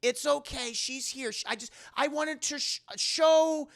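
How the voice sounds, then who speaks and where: A man voicing a kindly older female medium who talks gently and stammers as she coaxes a spirit. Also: extremely high pitch, measured pace, pitched above the performer's own voice, full character voice. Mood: soothing. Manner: coaxing, tender, stammering.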